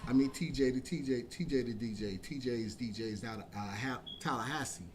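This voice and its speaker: A man telling a long story in a casual chat, animated and profane, jumping from loud bursts to hushed asides. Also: medium pitch, fairly quick, slight background noise. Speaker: podcast guest telling a story.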